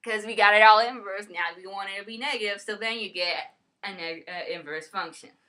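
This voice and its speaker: A woman's voice: mid-range voice, a little fast, bright, forceful tone. A woman co-hosting a playful homemade math lesson skit, rambling and stumbling over the math terms as she explains.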